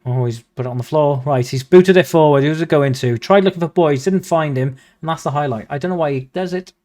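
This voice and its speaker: Excitable lad commentating. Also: male voice, fairly high pitch, fairly quick. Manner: excitable, mock-commentator, bursts into chants. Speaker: gaming video host. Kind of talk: live commentary on a football management game.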